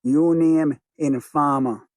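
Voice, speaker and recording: A man voicing a menacing young male ghetto gang boss with a Jamaican accent, slow and taunting. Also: a little high, fairly even intonation, darkish tone, no echo, studio quality.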